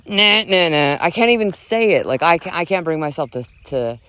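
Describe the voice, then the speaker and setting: Man ranting, swearing and fake-yelling. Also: a little high, expressive, normal speed, clear, resonant tone, no room sound. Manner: dramatic declamation with mock yelling, swearing, laughing asides. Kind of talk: reading a scripted rant, breaking off to talk casually.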